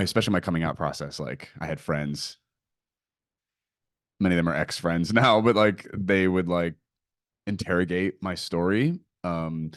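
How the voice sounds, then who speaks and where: A man hosting a podcast interview, talking quickly and thoughtfully while restating what his guest said. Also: sits low, dry recording, studio quality. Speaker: podcast host. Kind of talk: conversational interview.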